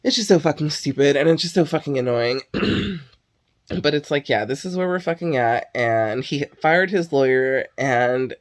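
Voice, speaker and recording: A vlogger with a low voice vents at a normal speed, animated throughout. It's a casual, exasperated monologue heavy on swearing, punctuated by sighs and the filler word "like."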